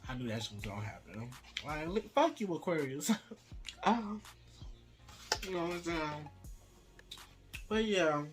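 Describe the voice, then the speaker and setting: A young man hosting a casual mukbang vlog, talking straight to his viewers in a sassy, profane, expressive way. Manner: sassy, profane, expressive with wide pitch swings. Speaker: vlogger host. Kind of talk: casual mukbang chat to camera.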